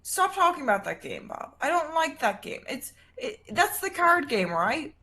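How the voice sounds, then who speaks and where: Blunt teasing woman, slightly high voice. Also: very animated, normal speed, sharp tone. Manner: blunt, teasing, swears freely. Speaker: guest. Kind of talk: casual chat on a livestream.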